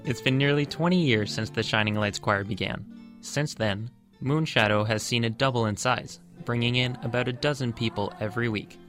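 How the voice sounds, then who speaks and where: A male radio reporter reading a scripted community news piece in a measured, even delivery. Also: medium pitch, faint music behind.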